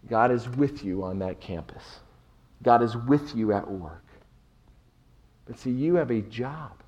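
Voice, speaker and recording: A middle-aged man preaches from the pulpit, pressing hard on key words and then dropping nearly to a hush. He takes his time, letting each phrase land slowly. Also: mid-range voice. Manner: emphatic preaching, swinging between soft and loud. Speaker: pastor. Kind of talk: sermon.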